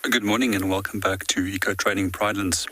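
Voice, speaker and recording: A man guiding a walking safari outdoors, giving calm, explanatory live commentary. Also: low-pitched, fairly quick, a little hiss or hum, poor audio. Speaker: safari guide. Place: outdoors in the bush on foot.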